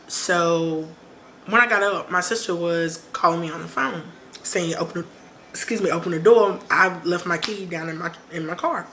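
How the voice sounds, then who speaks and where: A woman telling a personal story on her vlog, lively, acting out quoted voices. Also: lowish voice, a little hiss or hum. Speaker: vlogger.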